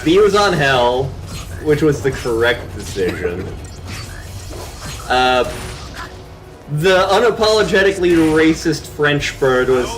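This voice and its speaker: A man co-hosting a gaming stream, chatting casually and jokily, now and then slipping into quick silly voices. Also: a little high. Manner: animated, jokey, slips into quick silly voices. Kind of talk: casual chat. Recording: game music playing behind.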